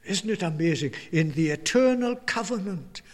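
A man's voice: sits high, expressive, normal speed, long reverb tail. A man from the United Kingdom preaching a sermon in a church, earnest and often repeating words as he builds his point.

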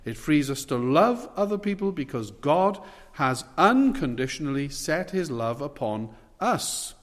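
A man preaching a sermon in a slightly high voice, measured and earnest, pressing hard on the words that matter. His voice rings out with a long hall reverb around it. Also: very animated. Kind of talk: expository sermon.

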